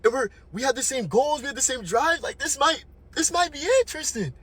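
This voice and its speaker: A man voicing an excited young woman friend who gushes in a breathless, squealing way. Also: extremely high pitch, brisk, pitched above the performer's own voice.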